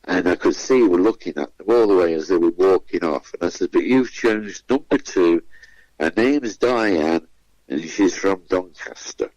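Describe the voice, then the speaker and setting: With an animated, low-pitched voice at normal speed, this guest comedian recounts anecdotes on the radio and performs the voices of those he quotes. He sounds a little mellow, and the muffled recording carries no room sound.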